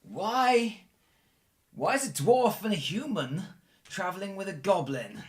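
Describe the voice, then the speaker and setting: A man's voice: sits high, sing-song, measured pace, slight background noise, voice pushed up. A man voicing a badly beaten human prisoner who pleads and asks questions in confusion. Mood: bewildered.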